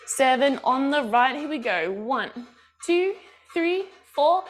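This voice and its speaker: A woman from Australia leads a bellydance class in a slow, unhurried voice that sits a touch high. She counts beats and calls out moves with steady encouragement. Faint music plays behind her. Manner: encouraging, counts steps aloud. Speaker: bellydance teacher.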